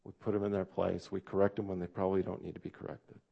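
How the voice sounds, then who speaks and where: Low gravelly-voiced male pastor preaching. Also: monotone, fast, lo-fi sound. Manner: conversational, asks the congregation direct questions. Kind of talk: sermon.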